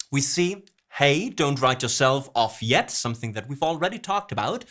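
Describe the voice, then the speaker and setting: Slow, deliberate man teaching songwriting. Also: a little high, fairly bright tone. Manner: picky, explains by quoting and re-stressing lyric lines. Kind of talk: lyric analysis lesson.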